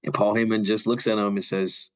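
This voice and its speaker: A young man casually retelling a story on a podcast, loose and filler-heavy, dropping quick quoted lines as he goes. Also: lowish voice, flat delivery. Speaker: podcast co-host. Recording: dull lo-fi audio.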